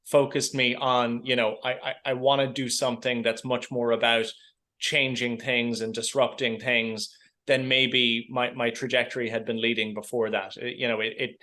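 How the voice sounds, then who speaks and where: A man's voice: medium pitch, flat delivery, normal speed, pushed and bright. An Irish man in his thirties, a guest in a casual podcast interview, who often stops and repeats words while he thinks.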